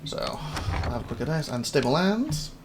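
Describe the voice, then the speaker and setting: A man's voice: medium pitch, very animated, normal speed, noisy background. A man casually commentating a game demo, rambling and thinking aloud as he reads through menus. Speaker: gaming channel host. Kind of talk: casual let's-play commentary. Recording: voice over loud game music.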